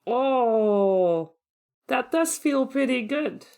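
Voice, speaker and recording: A woman's voice: a little high, lively intonation, extremely slow, vocal fry, darkish tone. A woman co-hosting a podcast in casual chat, thinking aloud as she reads, with dry humor. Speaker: podcast co-host and episode editor. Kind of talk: casual chat about tabletop games.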